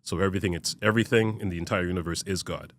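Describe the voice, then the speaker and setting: A man in his fifties, speaking as a guest on a podcast. His voice sits low and deep. He talks in a measured, reflective way, and his sentences often fade out quietly at the end. Faint ambient noise hums behind him. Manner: measured, reflective, trails off softly at phrase ends. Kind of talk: casual conversation.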